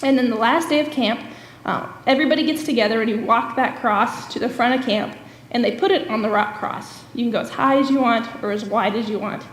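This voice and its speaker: A woman's voice: on the high side, fairly quick. A woman, a camp director and guest speaker, giving a church message as earnest storytelling full of "um" fillers. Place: church sanctuary. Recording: echoey church hall with long reverb.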